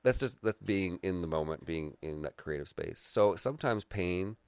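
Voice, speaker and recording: A man's voice: low voice, expressive, normal speed, smooth, no echo. A man talking as a guest in a casual conversation, reflective and earnest in manner. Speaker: graphic artist and guide, guest.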